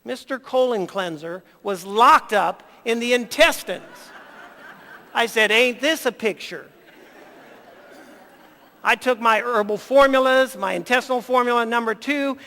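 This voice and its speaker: High, bright-voiced man in a reverberant hall. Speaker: health talk speaker. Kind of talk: storytelling health talk.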